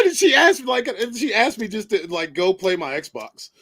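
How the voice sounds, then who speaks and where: A man's voice: high voice, sing-song, measured pace, long pauses, pushed and bright, husky. A man hosting a live stream, telling a long story in casual chat, stammering and laughing as he goes. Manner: rambling, stammering, laughs often.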